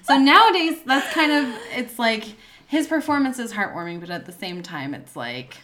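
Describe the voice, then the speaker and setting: A woman's voice: on the high side, animated, moderate pace, bright, forceful tone. A woman in her thirties hosting a podcast, chatting casually and explaining film facts with asides. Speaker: podcast host. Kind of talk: casual chat.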